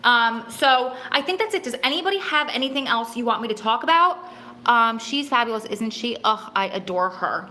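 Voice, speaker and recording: A woman's voice: a little high, animated, a little fast, pushed and bright, slight background noise. Effusive woman livestreaming to viewers. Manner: effusive and emotional, gushing thanks to viewers. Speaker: host of a livestream for prison families. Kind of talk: casual live chat, reading viewer comments. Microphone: phone.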